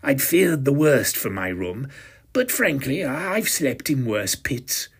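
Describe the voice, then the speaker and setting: A man's voice: medium pitch, very animated, slow pace, vocal fry, husky. A man in his fifties narrating a first-person audio drama with a pompous, self-satisfied, arch manner. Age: 50s.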